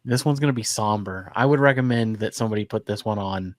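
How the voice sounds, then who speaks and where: A young man with an American accent chatting casually as a podcast co-host, joking in a dry, deadpan way. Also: lowish voice, fast talker. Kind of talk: casual chat.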